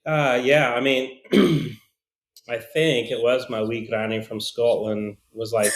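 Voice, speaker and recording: A man's voice: mid-range voice, fairly even intonation, takes it slowly, a little hiss or hum. A man in his fifties from Australia who speaks with an American accent, telling easygoing, joking stories as a podcast guest. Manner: easygoing, joking, rambling anecdotes. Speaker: guest, golf coach. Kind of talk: casual interview storytelling. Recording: roomy echo.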